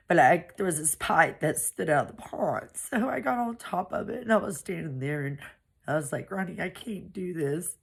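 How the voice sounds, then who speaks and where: A woman from Pennsylvania giving a personal testimony, halting and emotional, with many restarts and fillers. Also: sits low, slightly rough. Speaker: survivor telling her story.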